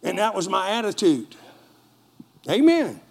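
A middle-aged male pastor delivers a sermon, telling a story with energy and turning to the congregation for responses. His voice sits high for a man. He preaches with a lively, storytelling manner. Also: a little slow, gravelly.

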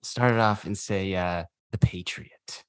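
A man with a fairly low voice hosts a loose podcast chat, steering the conversation. His talk is eager and peppered with swearing. The sound is dry and close. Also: unhurried, smooth, no echo. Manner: profane, enthusiastic, leads the discussion. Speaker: podcast co-host. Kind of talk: casual chat.

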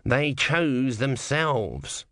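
A man's voice: medium pitch, big pitch swings, very slow, a bit bright, no echo, studio quality, voice pushed up, heavily acted. A man voicing a bitter, sarcastic male god trapped as a small tortoise, in a storybook reading. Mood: exasperated. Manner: sarcastic, exasperated.

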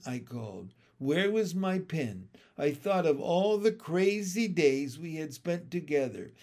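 A man reading a storybook aloud as its narrator, in an expressive, unhurried way. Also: a little high.

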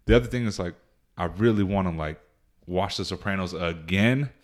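A man's voice: deep voice, normal speed. A young man hosting a comedy podcast, chatting casually and joking around with profanity. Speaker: podcast host. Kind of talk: casual chat.

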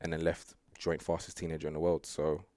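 With an extremely low pitch and a fairly quick delivery, a young guest sprinter chats casually in an interview, rambling and relaxed with lots of fillers and laughter. The sound is clean studio audio with no echo.

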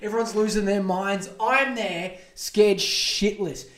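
A man in his twenties, a podcast host telling a crude, animated story and acting out quotes in raised voices. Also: high voice, takes it slowly. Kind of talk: casual storytelling monologue. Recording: roomy echo.

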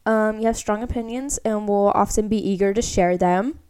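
A woman's voice: mid-range voice, normal speed, mellow, smooth. A young woman co-hosting a casual podcast, chatting and reading an astrology chart aloud, leaning heavily on "like" between phrases. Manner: chatty, heavy use of "like". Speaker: podcast co-host.

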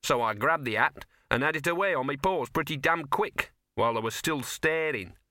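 A man's voice: on the high side, animated, normal speed, sharp tone, no room sound, studio quality, pitched above the performer's own voice. A man voicing a scruffy, sardonic male talking dog who grumbles in slangy street talk. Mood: wry.

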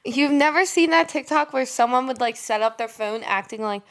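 A young woman co-hosting a podcast, telling stories in quick bursts and quoting what others said. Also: sits high, fairly bright tone. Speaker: podcast co-host. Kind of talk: casual chat.

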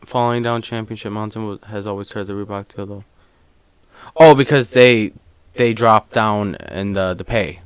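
A man's voice: fairly low pitch, fairly even intonation, smooth, no echo. Agreeable man, dry close sound. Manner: agreeable, quick backchannels, plays devil's advocate. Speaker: podcast co-host. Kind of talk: casual sports chat.

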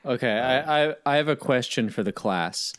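A man leading a casual film podcast, his voice rising and falling in a lively, storytelling way. He is recorded dry and close, with no room sound, and he slips into the voices of the people he quotes. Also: mid-range voice, normal speed, smooth, no echo. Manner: animated storyteller, acts out quotes. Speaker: podcast host. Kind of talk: casual film-discussion chat.

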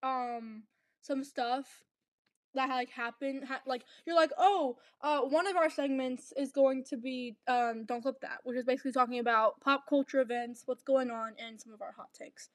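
A young woman with a high voice co-hosts a casual chat, recorded close and dry. She is chatty and playful, tossing in quick asides. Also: steady tone, dry recording. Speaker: podcast co-host.

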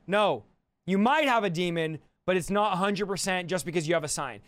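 A man's voice: lively intonation, fairly quick, fairly bright tone, dry recording. A man preaching a livestreamed sermon as a deliverance minister, emphatic and addressing his audience directly. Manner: emphatic, rising in pitch and force on key points; talks to the audience directly, checking they follow.

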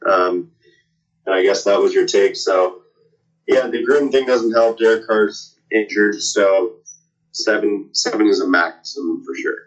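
Man, low voice, dull lo-fi audio, panelist, plainspoken. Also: measured pace. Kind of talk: casual sports talk.

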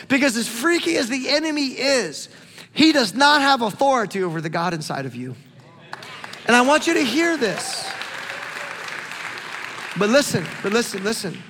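A male pastor preaching a sermon in an animated, conversational way. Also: high-pitched, long reverb tail. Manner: animated, conversational preaching with repeated calls to look.

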